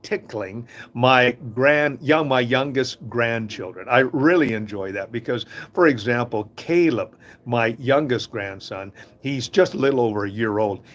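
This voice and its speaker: A man's voice: mid-range voice, measured pace, a bit bright. An older man hosting a live talk in a casual, folksy, inspirational way, often chuckling at his own stories.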